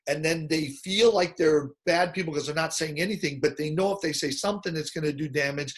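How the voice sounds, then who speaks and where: A man hosting a casual conversation, telling lively stories and acting out the people in them. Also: a little high, a little fast. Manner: animated storyteller, acts out quoted voices. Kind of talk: casual chat.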